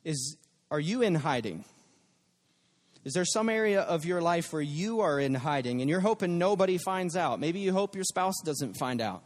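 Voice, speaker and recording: A man preaching a sermon in a relaxed, conversational way, often acting out quoted lines. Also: on the high side, normal speed, in a large hall. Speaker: pastor.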